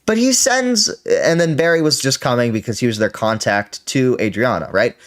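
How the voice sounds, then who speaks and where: A man's voice: mid-range voice, lively intonation, normal speed. Profane, rambling male streamer. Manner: profane, rambling, self-correcting. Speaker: streamer hosting a reaction show. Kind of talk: casual commentary on clips.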